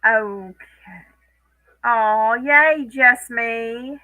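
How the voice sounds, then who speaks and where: A woman's voice: a little high, drawn-out words, bright, forceful tone, low-quality recording. A woman hosting a casual live stream from home, chatting with viewers by name and laughing often.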